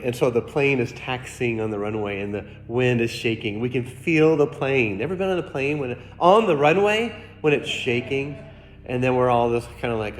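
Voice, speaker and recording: A middle-aged man preaching as pastor, telling a personal story with acted-out quotes and questions to the congregation. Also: mid-range voice. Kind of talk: sermon. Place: church sanctuary. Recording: echoey church sanctuary.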